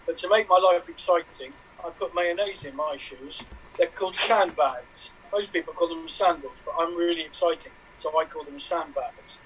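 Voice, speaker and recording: A man's voice: a little high, moderate pace, background noise. Playful man bragging through an improv bit. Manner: playful, mock-boastful. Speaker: improv performer. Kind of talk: improvised comic monologue. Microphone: video call.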